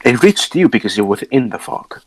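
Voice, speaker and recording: A man leads a tabletop game over an online call, explaining the situation and quizzing his players. His voice sits a little low but moves a lot, and it sounds dry and close to the mic. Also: brisk, husky, no echo. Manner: explains calmly, sets scenes, asks players questions. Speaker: game master.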